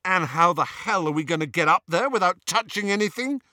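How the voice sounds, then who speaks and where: An exasperated teenage boy wizard, put on by a male storyteller, complaining in disbelief. The voice is lively and bright, kept close and dry. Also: sits high, brisk, no echo, pitched above the performer's own voice, heavily acted. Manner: incredulous, complaining.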